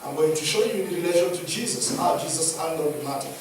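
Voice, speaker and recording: High-voiced Kenyan preacher in an echoey church. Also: male voice, fast talker. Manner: emphatic, swings between loud and hushed. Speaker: pastor. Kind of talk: sermon. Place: church hall. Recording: echoey hall, distant mic, faint noise.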